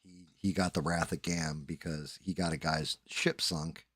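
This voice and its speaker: A man's voice: sits low, steady tone, a little slow, fairly bright tone, husky, no room sound, studio quality. A man hosting a livestream, telling a rambling, profane gaming story in a laid-back way. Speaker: livestream host. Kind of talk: casual storytelling chat.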